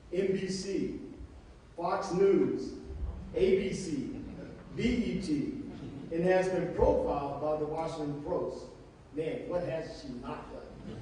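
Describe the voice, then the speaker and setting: A man with a fairly high, mellow voice introduces a guest speaker at a public event. He reads from his notes, stumbling over words and correcting himself. The sound comes from far away, with the long echo of a big hall around it. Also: a little hiss or hum. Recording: roomy hall audio from a distant mic.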